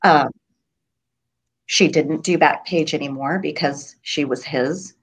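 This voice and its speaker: A middle-aged woman with a low, deep voice speaks haltingly in an interview, pausing often. She is a grieving mother whose voice breaks now and then as she talks. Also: breathy edge. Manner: halting, many ums, voice breaking with grief. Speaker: guest, mother of a murder victim. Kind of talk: emotional interview.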